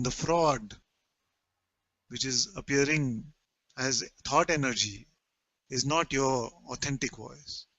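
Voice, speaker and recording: A man leading a satsang, speaking slowly and emphatically as a spiritual teacher who gently repeats his points. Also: on the high side, no room sound, muffled recording. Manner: slow, emphatic, gently repetitive.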